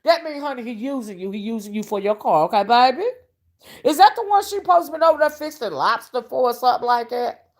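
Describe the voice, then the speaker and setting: A woman's voice: on the high side, animated, quick pace. A woman hosting a casual live-stream commentary, sassy and mocking as she rants and greets her chat. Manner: greets chat viewers mid-rant. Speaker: online commentary host.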